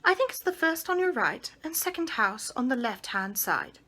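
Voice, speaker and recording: A woman's voice: high-pitched, big pitch swings, normal speed, bright, forceful tone, pitched above the performer's own voice, exaggerated voice. A woman voicing a prim, stern nanny who speaks in a clipped, haughty, scornful way. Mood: curt.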